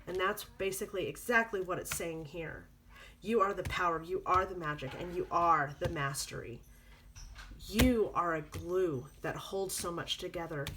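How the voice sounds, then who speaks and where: Earnest woman tarot reader, low voice. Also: moderate pace, background noise. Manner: earnest, repetitive, coaching tone. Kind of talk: spoken tarot reading to viewers.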